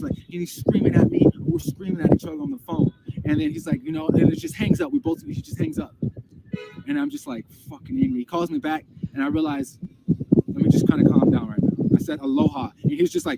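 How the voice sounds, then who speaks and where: A man's voice: extremely high pitch, creaky. A man telling a story casually, heated and profane, often repeating himself. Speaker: storyteller recounting a dispute. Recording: loud background noise.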